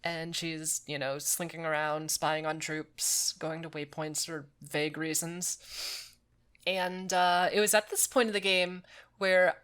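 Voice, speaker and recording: Woman podcaster w a lower voice, swears a lot, fed up with the game. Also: steady tone, a little slow, a bit bright, smooth. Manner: profane, exasperated recapping. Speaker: podcast co-host. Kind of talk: casual chat.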